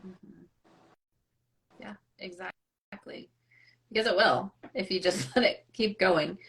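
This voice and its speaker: A woman co-hosting a casual live-stream chat, reflective and quick to laugh. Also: mid-range voice, a little hiss or hum. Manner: warm, reflective, laughs often. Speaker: co-host.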